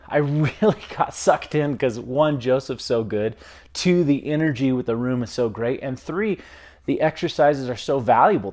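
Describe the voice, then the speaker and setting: A man's voice: medium pitch, a little mellow. A man talking earnestly and enthusiastically in a casual video diary at home. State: out of breath. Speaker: vlogger.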